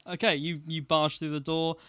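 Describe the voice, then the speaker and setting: A man's voice: on the high side, flat delivery, normal speed, a bit bright, clean tone, no echo. A man narrating as game master, rambling with many fillers and restarts.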